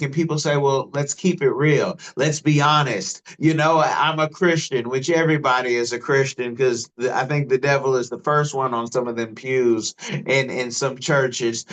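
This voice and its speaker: A man's voice: mid-range voice, a bit bright. A man from the United States hosting a podcast interview, joking and rambling, often stumbling over his words. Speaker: podcast host. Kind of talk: interview conversation.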